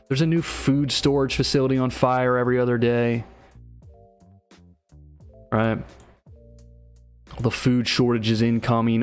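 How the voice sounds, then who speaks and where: A man talking through charts on a live market stream. His voice sits at an ordinary middle pitch, and his delivery is loose and slangy. He keeps checking in with "right?" and "man". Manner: casual and slangy, often asks "right?". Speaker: market analysis livestreamer.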